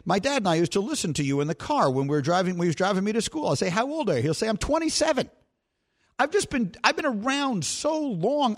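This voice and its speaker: Talkative middle-aged male sports-radio host. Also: high-pitched. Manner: talkative, playful, self-mocking. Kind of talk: casual sports talk banter.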